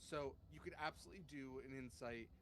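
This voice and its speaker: A man's voice: mid-range voice, a little fast, a little hiss or hum. A man narrating and making rulings as game master of a tabletop game, in an easygoing way.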